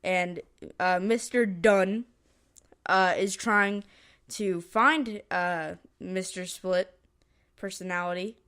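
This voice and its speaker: A woman's voice: fairly low pitch, fairly even intonation, slow, a bit bright, clean tone. A woman co-hosting a podcast, recapping a movie plot in a rambling, hesitant way and forgetting names. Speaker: podcast co-host. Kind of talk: casual movie review chat.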